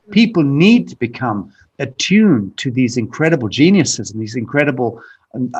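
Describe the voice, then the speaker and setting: A man's voice: medium pitch, breathy edge. A man being interviewed who answers bluntly and emphatically, restarting phrases and repeating words often. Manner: blunt, emphatic, profane at times; frequent restarts and repetition. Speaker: podcast guest. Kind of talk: candid conversational interview.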